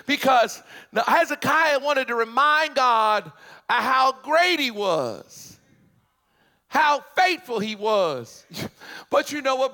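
A man preaching a sermon in a church, with rising shouts and chanted, repeated lines. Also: extremely high pitch. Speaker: pastor. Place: church sanctuary.

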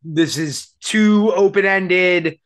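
A man's voice: high-pitched, slow pace. A man co-hosting a podcast, rambling and swearing often in casual chat. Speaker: podcast co-host; radio personality.

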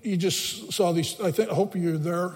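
A man's voice: sits high, normal speed, darkish tone. A man preaching a sermon as a pastor, emphatic and repeating phrases for stress. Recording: long reverb of a large hall.

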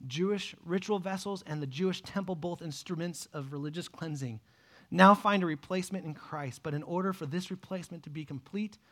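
High-voiced animated male preacher. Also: a little fast. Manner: animated, swings from hushed to loud, acts out quoted voices. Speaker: pastor. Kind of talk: sermon.

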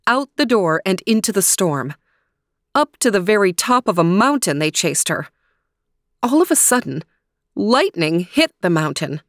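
A woman reads a children's fairy tale in a calm, measured manner, taking her time over each phrase. Her voice sits a little low, and the recording is dry and close, with no room sound. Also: no echo. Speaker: storyteller. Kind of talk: storybook reading.

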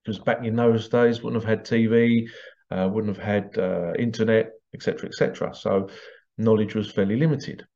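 A man's voice: fairly low pitch, steady tone, normal speed, gravelly, dark tone. A man talking casually to his viewers in a rambling way, repeating words and chuckling between points. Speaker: vlogger. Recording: dull lo-fi sound.

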